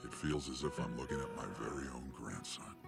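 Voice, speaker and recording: A wry, aging ninja sage in an anime dub. The voice is extremely deep and crackles with gravel, and the delivery rises and falls with lively, teasing warmth. Music plays clearly underneath. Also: male voice, brisk. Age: older. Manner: teasing, reflective. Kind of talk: anime English dub acting.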